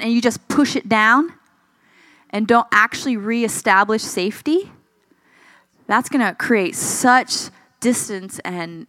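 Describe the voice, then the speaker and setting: A woman delivers a sermon in a conversational, expressive style, posing questions to the congregation and acting out the voices of those she quotes. She sounds slightly tired, her voice a bit high and a bit slow, with no echo.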